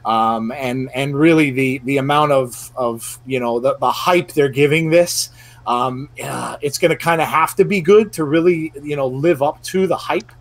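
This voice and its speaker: A man's voice: mid-range voice, moderate pace. A man hosting a casual podcast round-table, rambling along with lots of fillers and restarts. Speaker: podcast host.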